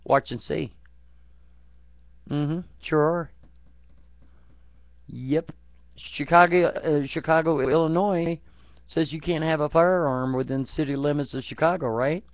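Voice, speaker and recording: A man's voice: a little high, slow pace, pauses often. A man rants about politics in a crude, foul-mouthed way, his anger running through every line. The recording is muffled and lo-fi, with a dry sound that has no room echo. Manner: angry, crude, swearing constantly. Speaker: vlogger. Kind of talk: profane political rant.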